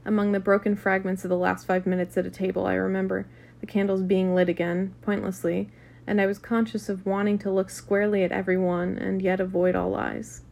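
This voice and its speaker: A woman's voice: mid-range voice, flat delivery, brisk, vocal fry, darkish tone. A woman reading a classic novel aloud in a casual, unpolished way, with occasional restarts and asides. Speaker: reader.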